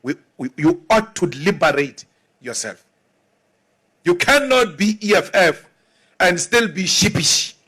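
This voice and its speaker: High-voiced politician. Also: male voice, expressive, measured pace, pauses often, bright, forceful tone, husky. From South Africa. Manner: emphatic, mocking, rousing. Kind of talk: political speech.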